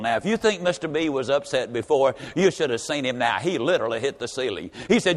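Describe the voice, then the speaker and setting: A man's voice: mid-range voice, lively intonation, quick pace, few pauses. Folksy male speaker in a reverberant hall. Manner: folksy, emphatic, repetitive refrains. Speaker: motivational speaker. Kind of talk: storytelling speech.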